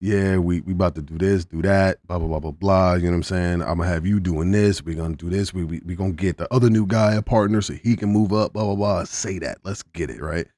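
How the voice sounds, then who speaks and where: A man's voice: low-pitched, steady tone, brisk, hardly any pauses, darkish tone, no room sound. A young man co-hosting a podcast in casual chat, laid-back and slangy, backing up his friend. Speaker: podcast co-host.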